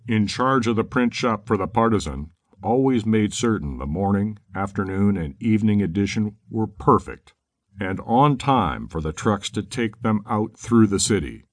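Male audiobook narrator, low, steady reading, close dry studio mic. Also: no echo. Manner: measured, steady storytelling. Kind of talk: scripted narration.

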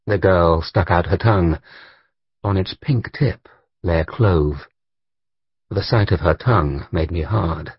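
A husky man with a lowish voice reads a story in the first person, and his pitch moves about a lot. The audio is dull and lo-fi, with a dry, close sound. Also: expressive, measured pace, dry recording. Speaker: audiobook narrator. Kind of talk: scripted first-person narration.

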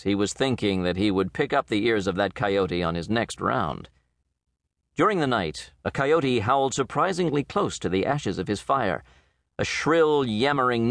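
Male narrator for a western short story, measured, lively pitch, very dry studio sound. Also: no room sound. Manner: measured, expressive storytelling reading. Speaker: audiobook narrator. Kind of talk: scripted narration.

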